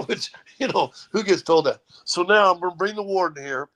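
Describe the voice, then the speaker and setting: A man hosting a casual sports talk show, telling animated stories and mimicking others. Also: a little high, moderate pace, rough recording. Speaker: sports radio host.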